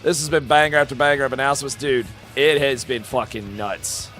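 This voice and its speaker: A man live-streaming, talking with chat in a loud, profane, hyped-up way and dropping into quieter, heartfelt asides between whoops. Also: mid-range voice, steady tone, a little fast, soft background music. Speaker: live-streamer reacting to game announcements. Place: home streaming room with shelves of games.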